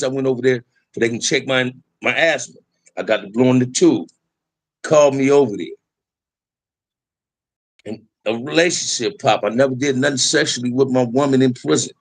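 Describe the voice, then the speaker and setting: A middle-aged man telling casual, profane life stories in a streetwise way, often calling the listener "man". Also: medium pitch. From Los Angeles area. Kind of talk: casual storytelling.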